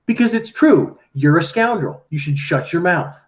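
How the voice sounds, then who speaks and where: A man voicing a calm, stern doctor who speaks in a cool, proper manner. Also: a little high, moderate pace, pitched above the performer's own voice, close to an everyday voice. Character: calm, stern male doctor, dignified and unflappable.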